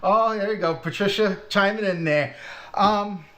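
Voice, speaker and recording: A man's voice: high voice, measured pace, a bit bright. A middle-aged man with a Brooklyn Italian-American accent, chatting bluntly and casually to his channel's viewers, joking about himself and swearing now and then. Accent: Brooklyn Italian-American New York. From Brooklyn, New York. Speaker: channel host. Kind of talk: casual live-stream chat.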